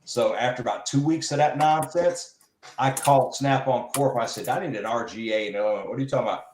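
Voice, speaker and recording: A man's voice: mid-range voice, fast talker, slight background noise. Guy telling work stories, does the voices, echoey room. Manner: animated storyteller, mimics people he quotes. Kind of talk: casual storytelling chat.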